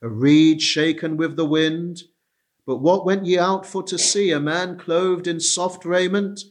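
This man's somewhat high voice holds a steady tone as he delivers an expository sermon. He moves slowly and deliberately, pausing often with hesitations, and quotes scripture in archaic King James language.

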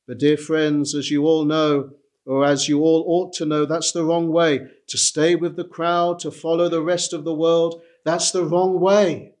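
A man's voice: on the high side, moderate pace, a little mellow. A man preaching a sermon, emphatic and repeating his key phrases for weight.

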